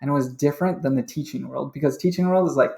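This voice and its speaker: A man's voice: medium pitch, fast, vocal fry, a little mellow, roomy sound. A man speaking as a podcast guest, candid and chatty, laughing easily as he recounts his career change. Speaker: interview guest, sales manager. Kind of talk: casual interview chat.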